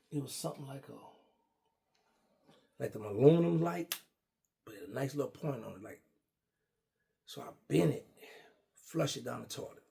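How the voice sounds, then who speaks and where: A middle-aged man casually telling a long personal story, animated and acting out what others said. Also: medium pitch, gravelly. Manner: animated, acts out quoted dialogue. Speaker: guest storyteller.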